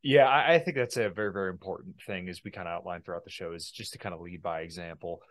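A man hosting a podcast, talking in a laid-back, halting way with many fillers. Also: low voice. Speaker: podcast host. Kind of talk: casual podcast interview.

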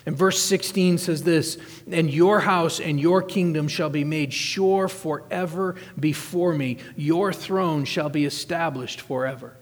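A male pastor with a slightly higher voice gives a sermon, reading scripture passages before unpacking them. He stresses key words and repeats them for emphasis. The long reverb of a church hall trails behind his voice. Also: a little slow, few pauses. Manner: reads scripture aloud, then explains it with emphatic repetition.

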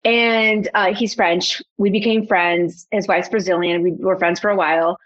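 A young adult woman, a photographer and podcast guest, telling a personal story in a lively, casual way and acting out her own past thoughts. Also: mid-range voice, moderate pace, muffled recording. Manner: animated storyteller, quotes herself.

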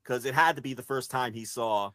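Podcast host guy, sharp bright tone, swears casually, leads the chat. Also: medium pitch, fairly quick, no room sound. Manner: wry, profane, leads the conversation.

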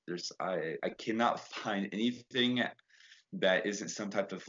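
A man's voice: lowish voice, a little slow, a bit bright. A man talking as a podcast guest, earnest and rambling with fillers in a casual chat. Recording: dull lo-fi sound.

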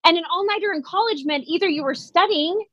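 Woman in her forties, high voice, self-mocking comic storyteller, dry muffled sound. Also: fast, no room sound. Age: 40s. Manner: animated, self-deprecating, acts out quotes. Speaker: comedian guest. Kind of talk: comedic storytelling in conversation.

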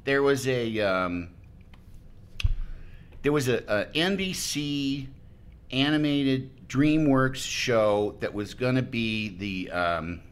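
A man's voice: medium pitch, animated, slow, clean tone. A man on a podcast as a guest, chatting casually and telling a rambling anecdote, often breaking off mid-sentence and acting out what people said. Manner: rambling, self-interrupting storyteller who acts out quotes.

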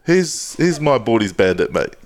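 A man's voice: mid-range voice, very animated, moderate pace. A man co-hosting a podcast, telling stories in a laid-back way, swearing freely and laughing often. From Pacific Islander heritage. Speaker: podcast co-host. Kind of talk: casual podcast chat.

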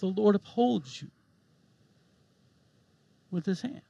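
A man preaching a sermon, swinging from hushed, gentle passages to emphatic, impassioned ones. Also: high-pitched, animated, slow, gravelly. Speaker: pastor.

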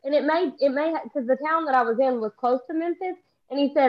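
A woman from Texas with a Southern accent, talking fast and profanely in casual storytelling. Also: high-pitched. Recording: dull lo-fi sound.

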